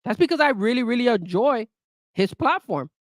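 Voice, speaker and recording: A man's voice: moderate pace, no room sound, clean studio sound. A man hosting a casual sports talk show, getting heated and cursing as he rants about his team. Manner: heated, cursing, lively swings in pitch. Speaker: show host.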